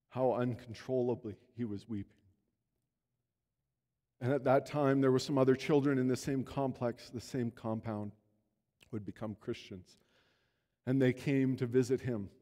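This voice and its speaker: A man preaching a sermon as pastor, telling a story earnestly, his voice swelling and then dropping low. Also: dark tone. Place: church sanctuary. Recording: long reverb of a church hall.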